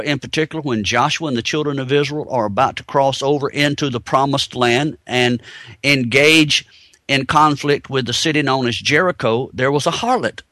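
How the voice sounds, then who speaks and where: A man's voice: medium pitch, pushed and bright, no room sound. A man giving a teaching sermon, explaining points step by step and asking rhetorical questions. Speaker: Bible teacher.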